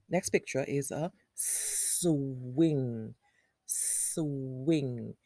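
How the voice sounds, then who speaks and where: Woman, phonics teacher for small children, very slow and patient, dark mellow voice, repeats each sound. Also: rumbling low, dry recording, studio quality.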